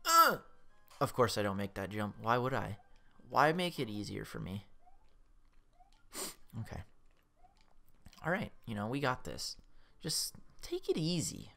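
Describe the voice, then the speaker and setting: A young man giving casual, excitable commentary while playing a video game, swearing freely and mocking his own skill. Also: lowish voice, measured pace, creaky, pauses often. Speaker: let's play gamer.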